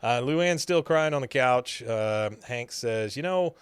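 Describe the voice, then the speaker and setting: A man's voice: medium pitch, slow pace, clean tone, dry recording. A man hosting a podcast, casually recapping a cartoon episode in a rambling way with fillers. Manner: rambling with frequent fillers and laughs. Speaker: podcast host.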